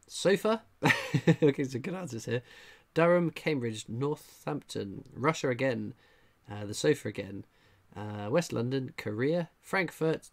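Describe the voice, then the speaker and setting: A laid-back livestream host with a medium-pitched voice casually reads viewer comments from the live chat. His humour is dry and understated, and he says "uh" a lot while scanning the chat.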